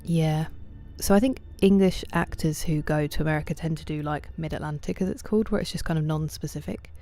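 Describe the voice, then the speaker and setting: A woman streaming a game, chatting casually with viewers, greeting them by name and often dropping to a soft near-whisper. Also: deep voice, a little fast. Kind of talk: casual live-stream chat while gaming.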